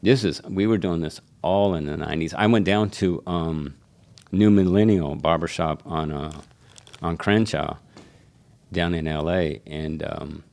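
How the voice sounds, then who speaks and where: A man's voice: low voice, unhurried, gravelly, darkish tone. A man, a barber, telling stories in a casual podcast conversation and acting out the voices of people he quotes.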